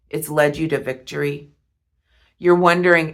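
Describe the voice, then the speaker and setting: A woman reading tarot cards, talking slowly and softly with heartfelt pauses. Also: low voice, fairly even intonation. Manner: slow, soft and heartfelt, with pauses. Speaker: tarot reader.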